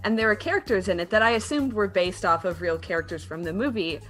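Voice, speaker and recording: A woman tells animated stories in casual chat, swearing freely. Her voice is bright and forceful. Faint music plays behind her. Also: medium pitch, quick pace.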